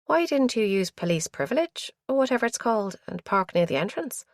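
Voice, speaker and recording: A woman's voice: a little high, sing-song, fairly quick, no room sound, studio quality, pitched above the performer's own voice. A woman voicing a tense, sardonic young woman in an audiobook.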